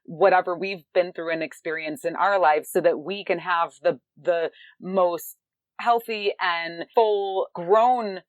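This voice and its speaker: A woman's voice: fairly low pitch, fairly even intonation, measured pace, no echo, dull audio. A woman podcast host asking questions in a loose, rambling way, full of "like" and "you know". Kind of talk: casual interview chat.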